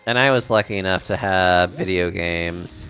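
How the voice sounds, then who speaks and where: A man from Texas chatting casually while streaming a game, animated and rambling, often laughing. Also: deep voice, normal speed, soft background music.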